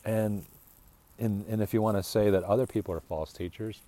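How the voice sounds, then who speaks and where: A man hosting a podcast, talking in a casual, rambling monologue that is animated and exasperated, full of restarts and asides. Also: fairly low pitch, normal speed. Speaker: podcast host.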